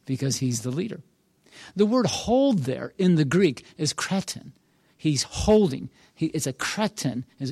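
Male pastor, earnest encouraging sermon, emphatic repetitions, slightly high voice, dry close sound. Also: darkish tone, dry recording.

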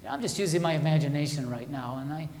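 A man preaching a sermon as a pastor, conversational and questioning his listeners, moving between loud emphasis and quiet asides. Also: on the high side, fast, slight background noise. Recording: echoey hall with long reverb.

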